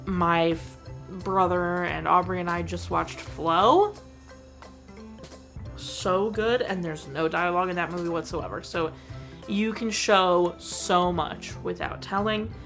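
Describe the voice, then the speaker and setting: Young woman gushing over a movie, low voice, lots of vocal fry, "like" every other word. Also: slow, a bit bright, faint music behind. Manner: gushing and emotional, many "like" fillers. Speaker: movie reviewer. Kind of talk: casual video review.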